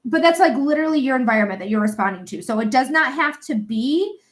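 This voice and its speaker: A woman's voice: sits high, animated, fast talker. A young woman giving a live psychic reading in a chatty, blunt way, swearing casually. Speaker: psychic reader.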